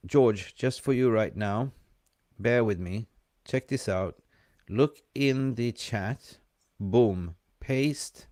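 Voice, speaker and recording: Male live-stream co-host, mixed accent with an Aussie hint, excitable and chatty, lowish voice, dry close sound. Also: no echo. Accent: mixed, hint of Australian. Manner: chatty, excitable, banter with viewers in chat. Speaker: fan channel co-host. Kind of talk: casual live-stream chat.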